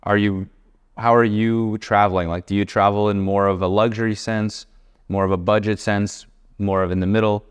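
A man hosting a podcast interview, asking measured, thoughtful questions. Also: fairly low pitch, flat delivery, clear, resonant tone. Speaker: podcast host.

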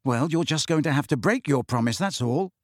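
A man voicing a blunt, excitable teenage schoolboy in an audiobook reading. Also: on the high side, normal speed, no echo, clean studio sound, voice pushed up.

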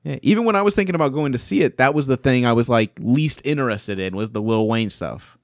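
A man's voice: medium pitch, expressive, quick pace, dry recording, clean studio sound. A man hosting a casual music podcast, talking in an easygoing way and laughing often. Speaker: podcast host. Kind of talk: casual chat.

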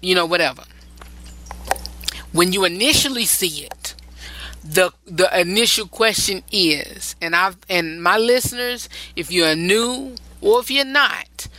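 A relationship advice host speaks in a medium-pitched, pushed, bright voice over low-quality audio. Her casual style involves stressing points through repetition, with plenty of rambling and restarted thoughts.

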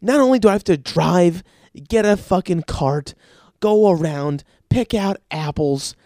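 A man's voice: sits high, a little slow, warm tone, dry recording. A young man hosting a podcast, ranting casually with lots of swearing and exasperation. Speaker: podcast host.

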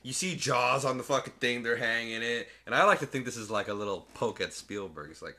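A man's voice: medium pitch, brisk, few pauses, pushed and bright. A man in a casual, profane chat recapping a movie, often acting out the characters' lines.

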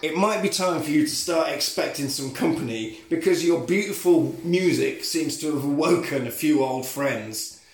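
A man's voice: on the high side, moderate pace, natural voice. A man voicing a cocky, scolding male vampire from a film, full of slangy chatter, recorded in an echoey room. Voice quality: casual slangy speech.

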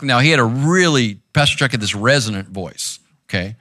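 A man's voice: fairly low pitch, lively intonation, a little fast, pushed and bright, no echo, studio quality. A man preaching a sermon in a conversational, intense way, often checking in with "right?", seated on a stool in a church room. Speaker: pastor.

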